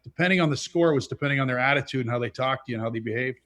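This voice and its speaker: A man who played hockey talks in a measured, reflective way about how players behaved on the ice. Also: mid-range voice, fairly bright tone. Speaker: former hockey player, panelist. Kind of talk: casual chat.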